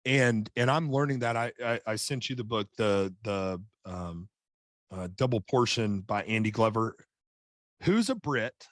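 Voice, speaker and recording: A man's voice: fairly low pitch, fairly even intonation, normal speed, fairly bright tone, no room sound, studio quality. Earnest middle-aged man telling a story. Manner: earnest storytelling with many repeated starts. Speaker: podcast guest, author and coach. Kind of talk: casual chat.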